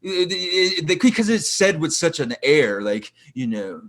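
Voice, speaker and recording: A man's voice: a little high, very animated, measured pace, fairly bright tone. A man co-hosting a podcast in casual chat, ranting emphatically and swearing a lot. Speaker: podcast co-host.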